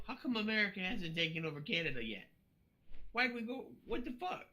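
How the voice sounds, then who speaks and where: Teasing young man, very lively pitch. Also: brisk, a little hiss or hum, low-quality recording. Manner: teasing, swears casually. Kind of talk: casual chat with friends over voice chat.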